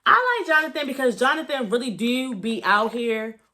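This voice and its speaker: A woman's voice: on the high side, normal speed. Gossipy woman reviewing a reality show. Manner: candid, gossipy, animated with frequent fillers and profanity. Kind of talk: casual vlog commentary.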